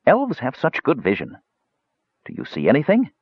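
A fretful male dwarf juggler blusters in a voice pitched well above normal, as a male reader puts him on. His lines jump high and husky with alarm. The recording is dull, dry and lo-fi. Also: wildly swooping pitch, moderate pace, no echo. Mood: panicky.

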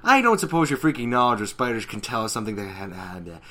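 This is a blunt, no-nonsense female farm pony from a cartoon, gruff and dry in her sarcasm, voiced by a man. She talks near his usual range, only a little lifted. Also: mid-range voice, big pitch swings, quick pace, sharp tone. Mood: annoyed.

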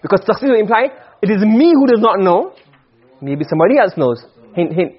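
A man lecturing on Arabic rhetoric in a quick classroom style, often checking if students follow. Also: high voice, lively intonation, husky. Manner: quick, questioning students, drops Arabic grammar terms. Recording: dull lo-fi recording.

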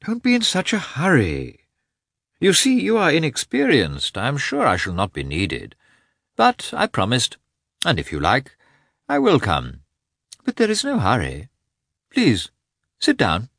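A man reading an audiobook, voicing a calm, unhurried middle-aged doctor with a gently teasing manner. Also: medium pitch, gravelly, husky, no echo, clean studio sound, pitched above the performer's own voice, exaggerated voice. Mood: soothing. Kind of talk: audiobook character voice.

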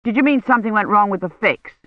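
A woman's voice: medium pitch, expressive, quick pace, no room sound, voice pushed up, natural voice. A woman voicing an anxious older male academic pressing urgent questions. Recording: dull lo-fi recording.

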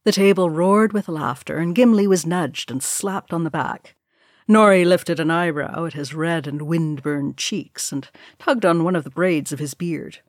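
A woman narrating an audiobook in measured, even storytelling. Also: low-pitched, no room sound, studio quality.

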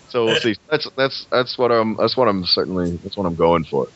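A man's voice: fairly low pitch, lively intonation, unhurried. A young man chatting casually on a podcast about playing a role, rambling with many restarts. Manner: rambling, frequent restarts and laughs. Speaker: guest actor. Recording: lo-fi muffled recording.

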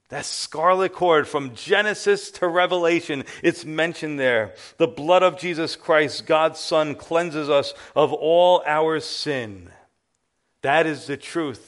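Preacher guy, pretty high voice for a man, earnest and emphatic, telling a story in a sermon. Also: a bit bright.

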